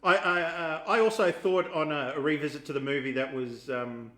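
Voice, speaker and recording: An easygoing man chats on a podcast and reads out listener comments. His voice sits high for a man and carries a roomy echo. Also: steady tone, normal speed, bright, forceful tone. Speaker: podcast co-host. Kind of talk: casual chat.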